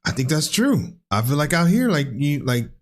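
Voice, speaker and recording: A man co-hosting a reaction video in a relaxed, conversational manner. His intonation rises and falls freely as he reads comments and chats. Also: a little high, normal speed. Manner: laid-back, conversational, reads comments aloud. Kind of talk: casual reaction chat.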